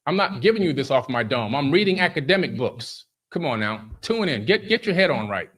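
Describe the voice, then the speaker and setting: A man's voice: fairly high pitch, big pitch swings, a little fast, a bit bright. A man on a casual livestream, answering his chat in a defensive, lecturing way.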